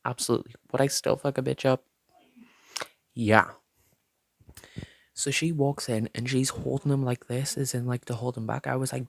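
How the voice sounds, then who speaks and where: A man's voice: medium pitch, moderate pace, vocal fry, pauses often. A young man telling a dramatic storytime vlog, swearing a lot and acting out what others said. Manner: animated, profane, acts out quotes in voices. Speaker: vlogger.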